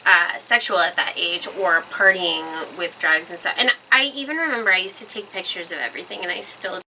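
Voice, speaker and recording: A young woman artist telling stories about her life in a rambling, animated way, full of fillers, on a casual podcast. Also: on the low side, brisk. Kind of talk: casual storytelling interview. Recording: distant mic in a noisy room.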